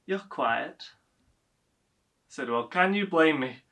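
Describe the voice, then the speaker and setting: Young guy as a fussy pedantic son, brightish tense voice, stage monologue. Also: fairly high pitch, expressive, very slow, heavily acted. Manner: dry, pedantic, nervous. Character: fussy, pedantic middle-aged son living with his mother. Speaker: actor playing a grown son.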